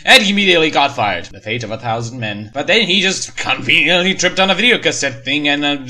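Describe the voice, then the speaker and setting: A man's voice: a little high, lively intonation, fast talker, bright, forceful tone. A man reading a horror story aloud for comedy, breaking in with sarcastic, mocking asides. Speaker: story reader and reviewer.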